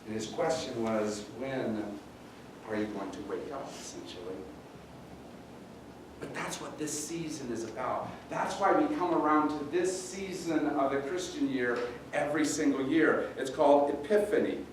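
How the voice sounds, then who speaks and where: A pastor preaching a sermon in a conversational, halting way, often repeating words. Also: male voice, a little high, background noise. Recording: roomy echo, distant mic, faint ambience.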